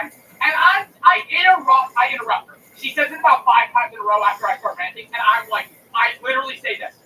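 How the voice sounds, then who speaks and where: A man's voice: extremely high pitch, quick pace, few pauses, bright, forceful tone, far from the mic. A young adult man, a streamer, telling a heated, profane story to the camera with indignant complaints. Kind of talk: angry storytelling rant to camera. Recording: roomy, from off the mic, faint noise.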